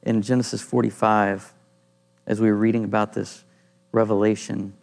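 A man leading an informal Bible study, thinking aloud and pausing to search for passages as he reads and explains scripture. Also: on the low side, flat delivery, creaky, darkish tone. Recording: long reverb in a room.

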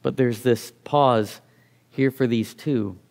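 A man's voice: mid-range voice, slow pace, creaky, darkish tone. A middle-aged man giving a reflective sermon, reading scripture aloud and often restarting his phrases. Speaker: preacher.

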